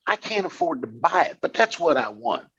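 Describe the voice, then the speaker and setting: A man's voice: on the high side, sing-song, normal speed, a bit bright, breathy edge. Blunt, profane middle-aged man. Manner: blunt and profane, restarts often. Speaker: podcast co-host. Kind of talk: casual chat. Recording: slightly dull lo-fi sound.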